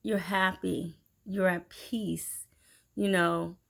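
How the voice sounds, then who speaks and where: A woman giving a casual motivational talk, chatty and animated, acting out little scenes as she goes. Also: fairly low pitch, extremely slow, creaky. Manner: chatty, animated storytelling with laughs and acted-out quotes. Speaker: inspirational speaker.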